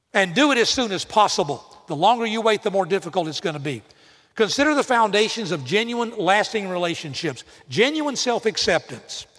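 A man's voice: high-pitched, fairly bright tone, big-room sound. A man preaching a sermon to students, direct and emphatic, acting out imagined apologies as examples.

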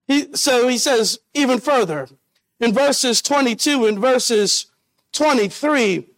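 A man preaching a sermon as pastor, earnest and slowly stretching out his key phrases. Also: very high voice, no room sound.

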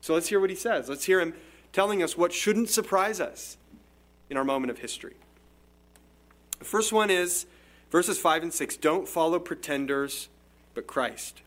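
A man's voice: sits high, lively intonation, normal speed, long pauses, a bit bright. A pastor with a slightly raised voice preaches a verse-by-verse sermon. He talks conversationally, explaining as he goes and often restarting a phrase mid-thought. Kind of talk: expository sermon.

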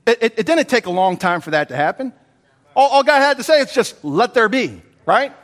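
Man, pastor, sermon, high-pitched, repeats phrases for emphasis, echoing hall. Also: sing-song, brisk. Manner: emphatic, repeats key phrases, laughs between points. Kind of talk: expository sermon. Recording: long hall reverb.

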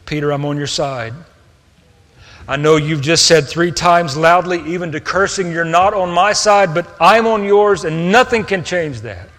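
A man preaching a sermon, earnest, moving between hushed tender passages and raised emphatic ones. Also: fairly high pitch, measured pace. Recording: long reverb of a hall.

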